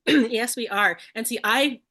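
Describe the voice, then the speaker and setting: A woman's voice: a little high, a little slow, bright, forceful tone. A woman co-presenting an online class over a video call, bubbly and tripping over ingredient names.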